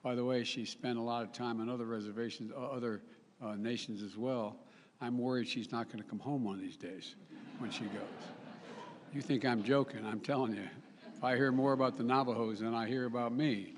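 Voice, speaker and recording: A man's voice: medium pitch, steady tone, brisk, slight background noise. An older man giving a formal public speech to an audience, rambling and correcting himself, with folksy asides. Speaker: head of state giving a speech. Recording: live speech with long hall reverb.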